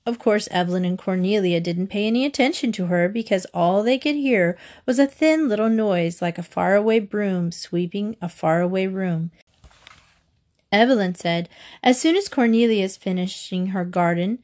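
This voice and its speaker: A woman reading a children's storybook aloud with expressive, lively delivery. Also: mid-range voice, normal speed. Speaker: narrator.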